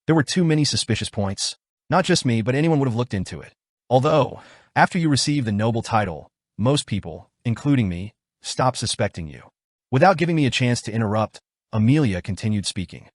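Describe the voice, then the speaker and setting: A man narrates a story recap in the first person, his pitch moving in a lively, animated way. He tells it briskly and wryly. The sound is dry and close, with a mid-range voice. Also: no room sound.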